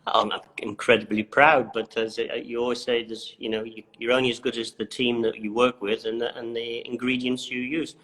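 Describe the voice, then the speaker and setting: A man from the Isle of Man, a chef being interviewed, talking in a relaxed and modest way. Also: medium pitch, a little fast, few pauses. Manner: relaxed, modest, many fillers. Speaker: chef, guest. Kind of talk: casual interview chat.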